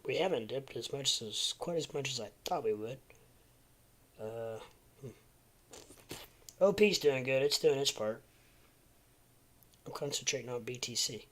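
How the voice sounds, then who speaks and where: A man's voice: medium pitch, lively intonation, measured pace, pauses often. Rambling man live-streaming. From American Midwest. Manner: rambling, muttering to himself between chatting to viewers. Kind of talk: casual live-stream chat.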